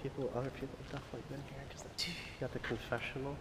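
A man's voice: mid-range voice, little pitch movement, racing, fairly bright tone, a little hiss or hum. A man chatting casually and offhand while exploring with a friend. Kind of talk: casual chat.

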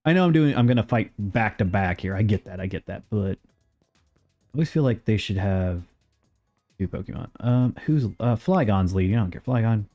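A young man streaming a game and chatting casually, rambling along with sudden excited outbursts. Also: on the low side, normal speed, faint music behind. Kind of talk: casual live gameplay commentary.

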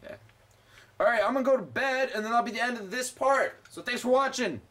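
A man's voice: very high-pitched, brisk, a bit bright. A young man commenting on his gameplay, swearing constantly and ranting sarcastically. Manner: profane, sarcastic, rambling. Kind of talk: let's play commentary.

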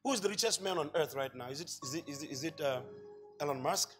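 High-voiced husky preacher, shouting then hushed. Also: male voice, lively intonation, fast, faint music behind. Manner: storytelling preacher, swings from loud shouting to quiet asides. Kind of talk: sermon.

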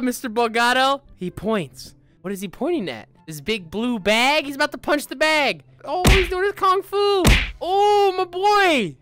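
A man doing goofy, excited commentary while playing a VR game, with loud outbursts. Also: very high-pitched, measured pace, hardly any pauses. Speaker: gaming YouTuber.

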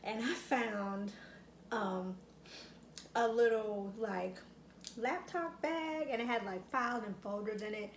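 Eating at home, this middle-aged mukbang vlogger talks slowly in a fairly high voice, casual and reflective, reminiscing with many fillers. The recording has slight background noise in an echoey room with faint ambience.

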